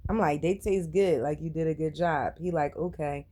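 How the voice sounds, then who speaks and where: A mother telling her own story in casual vlog style, blunt and animated, swearing freely. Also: low-pitched, moderate pace.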